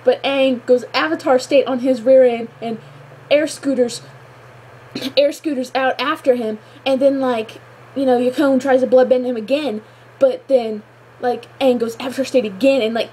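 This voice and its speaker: A woman's voice: high-pitched, steady tone, moderate pace, a little mellow, a little hiss or hum, rough recording. A woman reviewing a show episode in a gushing, exclamatory chat full of filler words. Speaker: fan reviewer.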